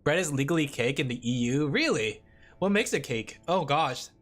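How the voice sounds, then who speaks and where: A woman streamer chatting casually and rambling with lots of fillers, excitable and quick to laugh. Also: deep voice. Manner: excitable, breaks into laughs and shouts. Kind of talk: casual live-stream chat.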